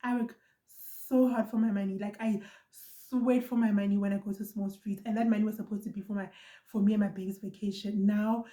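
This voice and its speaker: A young South African woman vlogger telling a storytime in an animated, emphatic way, repeating lines for effect. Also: medium pitch, fairly quick. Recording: echoey room.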